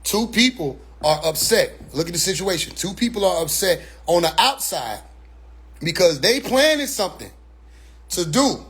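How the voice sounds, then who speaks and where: Male commentator with a high voice, loose and blunt, keeps looping back to check you follow. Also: big pitch swings, moderate pace, a bit bright. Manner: rambling, repeats "you see what I'm saying"; blunt, profane street talk. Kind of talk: casual monologue commentary.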